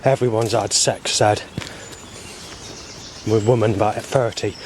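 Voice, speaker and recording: A man's voice: fairly low pitch, steady tone, a little slow, background noise. A man, recording a rambling spoken video diary outdoors on a muddy path with a handheld camera, talking in an agitated, swearing way. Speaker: video diarist.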